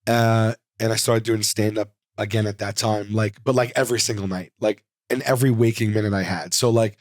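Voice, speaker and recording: A man in his forties, a comedian guest in an interview, telling stories in an animated, rambling way full of fillers and restarts. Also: on the low side, fairly quick, no room sound, studio quality. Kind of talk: casual interview storytelling. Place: studio.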